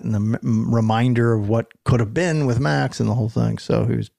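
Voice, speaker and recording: A middle-aged man talks through a podcast chat with a gravelly, creaky voice and a dry, self-deprecating humor. The sound is close and dry, with no room around it. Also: medium pitch, a little fast, hardly any pauses, a little mellow, dry recording. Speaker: podcast guest, actor. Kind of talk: casual chat.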